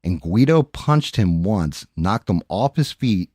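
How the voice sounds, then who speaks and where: A man's voice: on the low side, slow pace, slightly rough, no room sound, clean studio sound. A man hosting a livestream chat and telling a story casually, swearing freely and adding sound effects as he talks. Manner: profane, animated, with sound effects. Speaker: livestream host.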